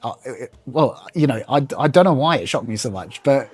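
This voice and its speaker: A man hosting a casual podcast interview, asking relaxed questions and laughing along with his guest. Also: medium pitch, normal speed, breathy edge, dry recording. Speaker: podcast host.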